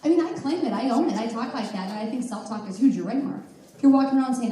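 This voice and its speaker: A woman from the audience speaks up with an upbeat, emphatic testimony about her own life. Her voice is a touch high and mellow in tone. It sounds distant and very echoey. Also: animated, rapid-fire. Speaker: audience member sharing her story. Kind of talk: spontaneous testimony. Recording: echoey room, distant mic.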